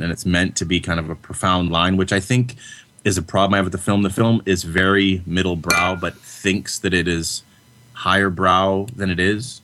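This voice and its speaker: Deep-voiced Canadian man, dry and sarcastic. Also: a bit bright, slight background noise. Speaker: podcast co-host. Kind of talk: casual film review chat.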